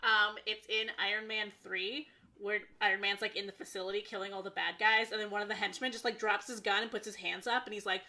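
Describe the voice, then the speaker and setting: A woman's voice: medium pitch, fairly even intonation, quick pace, few pauses, bright, forceful tone. A woman co-hosting a film podcast in casual chat, enthusiastic and storytelling. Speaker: podcast co-host.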